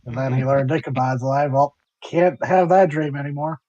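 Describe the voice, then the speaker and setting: A man's voice: mid-range voice, moderate pace, mellow, no echo, dull audio. Rambling man playing a tabletop game. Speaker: player. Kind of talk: casual tabletop game chat.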